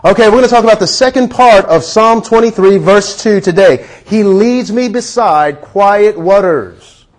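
High-voiced man preaching a sermon. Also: normal speed. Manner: earnest, leads the listeners in repeating lines.

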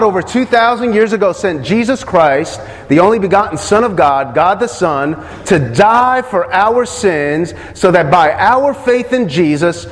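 A man's voice: high voice, big-room sound. A man preaching a sermon, asking the congregation questions and repeating key phrases.

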